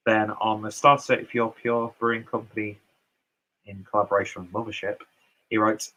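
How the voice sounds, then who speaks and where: A man's voice: fairly low pitch, flat delivery, moderate pace, bright, forceful tone, rough recording. A man casually reading out and answering viewer comments on his beer reviews, loose and chatty with lots of fillers and asides.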